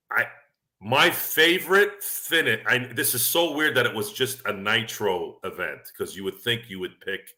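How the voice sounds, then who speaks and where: A man's voice: on the low side, bright, forceful tone. A man co-hosting a casual sports talk podcast, rambling and self-deprecating, laughing often as he talks. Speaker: podcast co-host.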